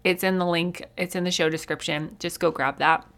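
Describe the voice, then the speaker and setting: A woman's voice: fairly low pitch, steady tone, fairly quick, a bit bright. Upbeat folksy woman with a Southern accent. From Colorado, USA. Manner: folksy and upbeat, laughs often. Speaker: podcast host. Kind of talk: casual solo podcast talk.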